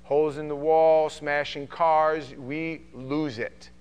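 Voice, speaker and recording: A male pastor preaching an animated sermon, acting out conversations and swinging from quiet talk to shouting. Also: a little high, takes it slowly, clear, resonant tone, muffled recording. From from an Italian Sicilian family.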